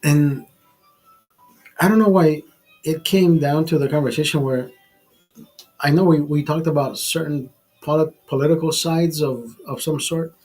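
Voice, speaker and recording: A man's voice: fairly high pitch, a little slow, pauses often, a little mellow, soft background music. Rambling, profane man telling stories. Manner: profane, rambling anecdotes with acted-out quotes. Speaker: host. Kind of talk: casual storytelling chat.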